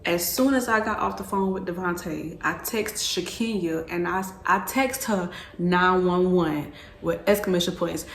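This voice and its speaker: A woman's voice: lowish voice, unhurried, slight background noise. A young woman vlogger telling a personal story in casual chat, repeating herself and backtracking as she goes. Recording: echoey room.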